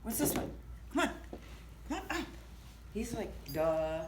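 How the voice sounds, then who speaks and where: High, lively woman teasing the dog. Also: normal speed, a little hiss or hum. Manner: quiet, laughing and teasing the dog. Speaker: vlogger's mother helping off camera. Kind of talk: casual off-camera remarks. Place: at home, indoors.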